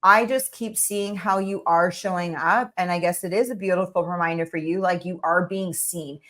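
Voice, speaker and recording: A woman hosting a podcast in casual conversation. Her voice sits a little low, and she talks in a warm, cheering way, full of "like" and "you know". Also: steady tone, moderate pace. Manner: encouraging, effusive, heavy use of "like". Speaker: podcast host. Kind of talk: casual interview chat.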